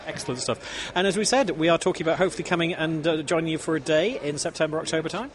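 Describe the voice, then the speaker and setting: A man's voice: fairly high pitch, fast, crowd noise. A man hosting a roving show interview, chatty and rambling with jokes. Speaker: show host.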